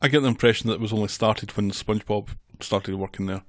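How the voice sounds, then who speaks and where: A man's voice: lowish voice, quick pace, dry recording, clean studio sound. A man co-hosting a casual podcast, wry and teasing, recapping a cartoon. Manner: wry, teasing, laughs often. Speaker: podcast co-host. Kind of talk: casual chat.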